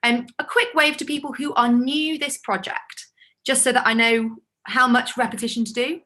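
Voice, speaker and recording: A woman leading an online choir warm-up over a video call, encouraging the singers and demonstrating each sigh and call herself. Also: on the high side, steady tone, normal speed. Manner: encouraging, demonstrates vocal calls and sighs. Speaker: choir leader.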